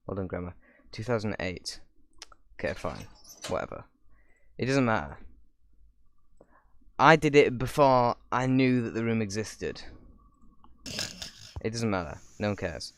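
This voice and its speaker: A man's voice: lowish voice, a little hiss or hum. A young man hosting his channel, giving rambling casual reaction commentary with sarcastic asides. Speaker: YouTuber host.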